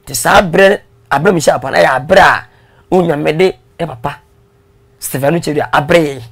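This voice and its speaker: A man with a gravelly, slightly rough voice talks through his story as an interview guest. He tells it in a lively, casual way, laughing along and mixing in English phrases. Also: on the high side, brisk.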